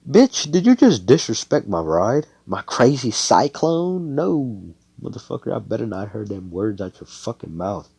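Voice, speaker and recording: A man's voice: lowish voice, steady tone, brisk, vocal fry, hardly any pauses, breathy edge, full character voice. A man voicing a hot-tempered, profane young male mage in a fan story. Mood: outraged. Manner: loud, brash and profane.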